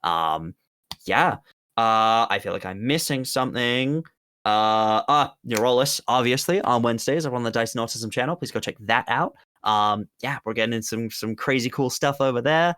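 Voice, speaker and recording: Plugging his projects as a tabletop game stream wraps up, a man from the UK rambles in an upbeat, self-deprecating way. His voice is medium-pitched, a bit bright, clear and resonant, at a moderate pace with no echo.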